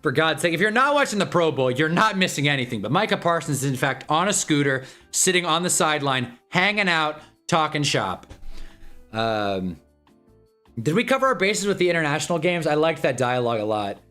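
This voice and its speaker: A man's voice: fairly high pitch, big pitch swings, fairly quick, bright, forceful tone, soft background music. A man hosting a casual livestream watch-along, rambling and joking and laughing often. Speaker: livestream host.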